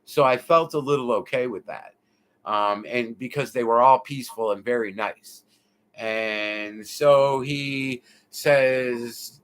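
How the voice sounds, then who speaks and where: Animated, foul-mouthed American man. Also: medium pitch, takes it slowly, smooth. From United States. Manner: animated, profane, lots of filler asides. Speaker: interview guest. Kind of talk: casual storytelling in an interview.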